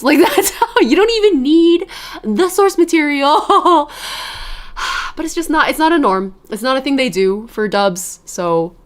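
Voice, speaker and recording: A woman streaming and chatting casually with her viewers, animated, swearing freely and laughing often. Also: fairly high pitch. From grew up with Chinese and Japanese media.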